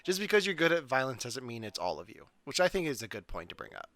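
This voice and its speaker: A man's voice: medium pitch, big pitch swings, quick pace, fairly bright tone, no room sound. A man hosting a casual podcast chat, leading the talk and asking his co-hosts questions. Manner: leads the talk, asks questions. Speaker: podcast host.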